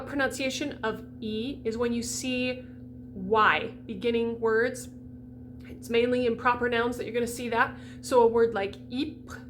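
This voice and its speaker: This is a pronunciation lesson for singers led by a chatty, forceful American woman who demonstrates each sound out loud. She has a slightly high voice, and background noise can be heard.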